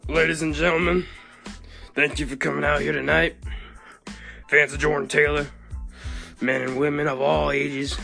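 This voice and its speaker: A man playing a fiery revival preacher in a mock sermon, climbing into shouts and breaking into laughter as he preaches. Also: a little high, little pitch movement, extremely slow, gravelly, hardly any pauses, faint music behind, exaggerated voice. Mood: preaching. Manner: rising, shouting delivery.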